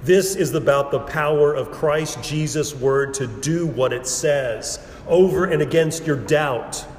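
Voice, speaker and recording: Male preacher, slow and weighty sermon delivery, emphatic repetition, recorded in an echoey sanctuary. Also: on the high side, darkish tone. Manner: measured, emphatic preaching with repetition and dramatic pauses. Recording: roomy hall with long reverb and faint background noise.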